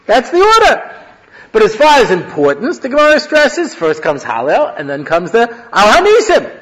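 High pitched rabbi teaching a class, swoops up and down a lot, chatty. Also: male voice, normal speed, poor audio. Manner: animated, conversational teaching with Hebrew phrases. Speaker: rabbi giving a Torah class. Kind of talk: lecture-style Torah class.

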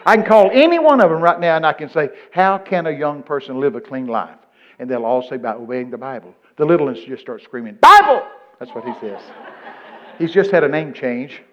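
An older man preaching a folksy sermon full of stories, breaking into loud excited bursts. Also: medium pitch. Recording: muffled lo-fi recording.

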